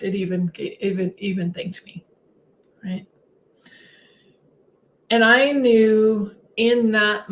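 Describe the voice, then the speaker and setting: Chatty woman telling a spiritual story. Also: slight background noise. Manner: chatty, laughs often between sentences; animated, swings her voice up high when acting out her own replies. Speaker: spiritual livestream host. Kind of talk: casual livestream storytelling.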